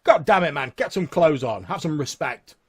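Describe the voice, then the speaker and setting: A man doing a heavy older sheriff of the frontier, wary and full of bluster, who speaks in a slow, folksy drawl. His voice is gravelly and a little husky. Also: mid-range voice, fairly even intonation, lightly acted. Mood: exasperated. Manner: drawling, hesitant, folksy authority. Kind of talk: tabletop role-play character voice.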